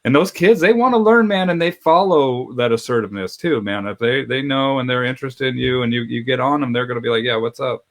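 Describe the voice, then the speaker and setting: A man's voice: medium pitch, fairly quick, hardly any pauses. Male dog trainer with a mid-range voice, blunt, slangy storytelling in casual chat.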